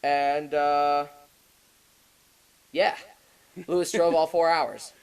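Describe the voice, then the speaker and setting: A man's voice: fairly high pitch, steady tone, extremely slow, crowd noise, low-quality recording. A young man, a podcast co-host, telling a long story in casual, profane chat and often laughing as he goes.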